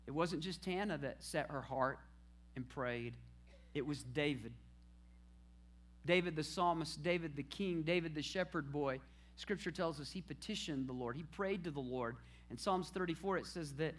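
A man's voice: a little high, moderate pace. A man preaching a sermon, asking the congregation questions and answering them himself. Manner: call-and-response preaching, rising to shouted praise at the end.

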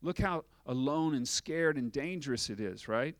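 A man's voice: mid-range voice, expressive, moderate pace, no room sound. A man preaching a sermon as pastor, asking rhetorical questions and acting out little dialogues.

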